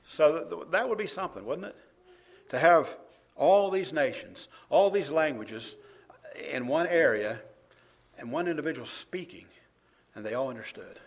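Animated man preaching a sermon. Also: fairly high pitch, moderate pace, gravelly, slightly rough. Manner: animated, laughs often, reads verses louder. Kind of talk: sermon with scripture reading.

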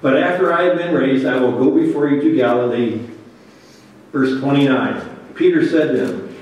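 Heard from a distance in a very echoey room, a pastor preaches a sermon, first reading scripture and then earnestly reflecting on it. His mid-range voice is a little mellow and moves at a normal speed.

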